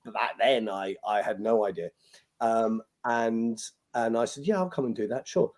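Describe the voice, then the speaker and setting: British male magician, chatty anecdotal guest, mid-pitched, lively and a bit sweary. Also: normal speed. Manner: animated, swears freely, acts out quoted lines. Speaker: podcast guest, magician and compere. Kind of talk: anecdotal storytelling interview.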